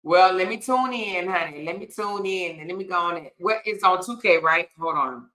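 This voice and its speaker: Bright-voiced laughing woman livestream host. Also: on the low side, normal speed. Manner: laughs often, drawls y'all, child and honey. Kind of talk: casual live-stream chat reading comments.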